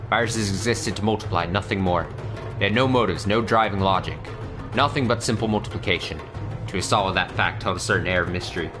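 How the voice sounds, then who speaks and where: A man hosting a let's play, rambling casually and reading the game's story text aloud. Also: low-pitched. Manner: rambling, self-deprecating, swears casually.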